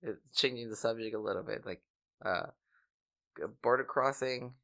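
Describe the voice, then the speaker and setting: A man co-hosting a laid-back podcast, his voice gravelly with a bit of fry. He sits at a middling pitch, stumbles and repeats himself, and breaks into laughter often. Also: moderate pace, pushed and bright. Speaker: podcast co-host. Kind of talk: casual podcast banter.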